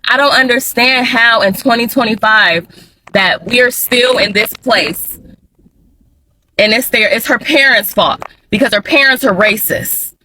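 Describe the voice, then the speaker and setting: A fired-up woman, venting straight to the camera in a personal vlog. Her voice is bright and forward, and she repeats words to hammer her points home. A faint hiss sits under the recording. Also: fairly high pitch, unhurried, low-quality recording. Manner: heated, blunt, emphatic, repeats for emphasis. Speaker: mother vlogger.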